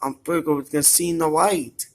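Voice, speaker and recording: A performer voicing a nervous young boy hero in toy play-acting, in a lowered, worried voice that timidly repeats itself. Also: fairly even intonation, normal speed, heavy background noise, natural voice.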